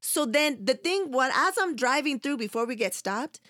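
A woman's voice: sits high, normal speed, dry recording, clean studio sound. A woman telling a story in casual chat, swearing freely and acting out what others said. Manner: animated, profane, acts out quotes.

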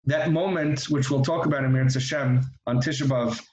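A man's voice: mid-range voice, steady tone, a little fast, a little mellow. A man giving an earnest, reflective religious talk that moves into storytelling, often restarting his sentences. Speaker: religious teacher. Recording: echoey room.

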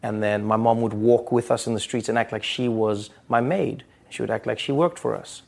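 A man's voice: on the low side, steady tone, normal speed, gravelly, darkish tone. A man in his thirties, a comedian speaking candidly and thoughtfully in an interview. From South Africa. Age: 30s. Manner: thoughtful, candid, with small restarts. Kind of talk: reflective interview.

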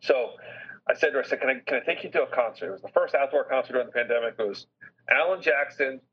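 A middle-aged man, a business chairman appearing as a podcast guest, telling a personal story in an earnest, heartfelt way with reflective pauses. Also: medium pitch, slightly rough. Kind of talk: candid personal storytelling in an interview. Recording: slightly dull lo-fi recording.

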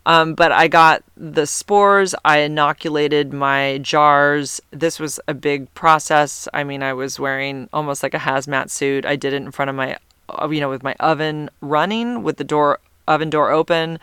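A man's voice: on the high side, pushed and bright, smooth, no echo, studio quality. A man vlogging in a casual, rambling monologue, chatty and exasperated, talking in run-on asides.

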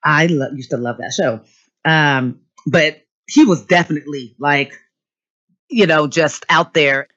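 A woman's voice: low-pitched, measured pace, a bit bright. Woman, rambly casual chat, lots of fillers, muffled lo-fi sound. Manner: chatty, rambling with many fillers. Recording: dull lo-fi sound.

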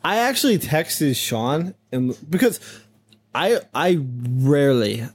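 A man's voice: fairly high pitch, expressive, takes it slowly, breathy edge. A man co-hosting a casual movie podcast, telling stories in a wry, exasperated way. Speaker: podcast co-host. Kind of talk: casual movie-review chat.

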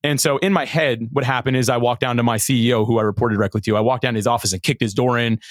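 A middle-aged man, a podcast guest, telling a story in an animated, earnest way with many restarts. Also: medium pitch, racing, dry recording. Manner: animated, earnest, frequent repeated starts. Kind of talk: conversational storytelling.

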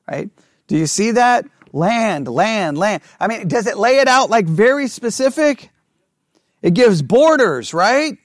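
A man leading a Bible study class, reading scripture aloud slowly and checking in with the group with frequent questions. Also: very high voice, very animated, no echo, studio quality.

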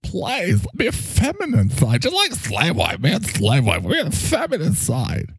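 A man's voice: fairly high pitch, huge pitch swings, measured pace, slightly rough, no room sound, voice pushed up, exaggerated voice. A man voicing a talking microphone, a dramatic and self-pitying co-host who lectures him. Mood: lecturing.

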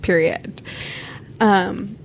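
A calm woman in her thirties co-hosts a casual podcast, speaking in an unhurried, reflective way. Her voice sits at an ordinary middle pitch. A faint hiss lies under the recording. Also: gravelly. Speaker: podcast co-host.

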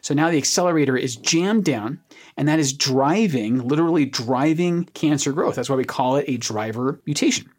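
Lively, husky-voiced oncologist explaining. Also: mid-range voice, moderate pace. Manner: animated, explains with everyday analogies. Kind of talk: explaining on a medical podcast.

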